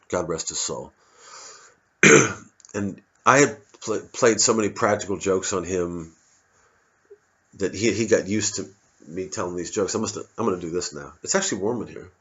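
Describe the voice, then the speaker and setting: A man's voice: low voice, lively intonation, moderate pace, fairly bright tone, highs cut off. A male comedian giving a digressive, self-interrupting, profane stand-up monologue.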